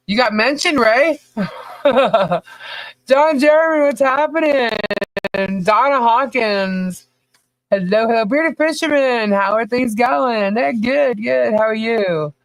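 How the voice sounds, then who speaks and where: Woman co-host of a podcast livestream: loose, joking, slow-paced, dry recording, calls out viewers by name. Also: fairly high pitch, no room sound. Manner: laughs often, loose and joking; reads out viewer names one by one. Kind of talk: casual livestream chat greeting viewers.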